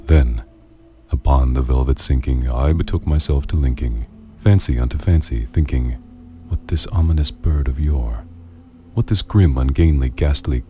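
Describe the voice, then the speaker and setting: Very deep-voiced man reading poetry dramatically. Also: dark tone, a little hiss or hum. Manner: theatrical, slow and brooding. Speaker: narrator. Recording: clip with faint music behind. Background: faint music.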